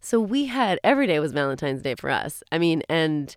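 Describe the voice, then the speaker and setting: A woman in her forties with a fairly low voice hosts a casual podcast episode on her own. Her talk rambles and keeps interrupting itself. The sound is dry and close, recorded in a small closet at home. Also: sing-song, brisk, dry recording. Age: 40s. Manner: rambling, chatty, self-interrupting. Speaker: podcast co-host. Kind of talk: casual solo chat.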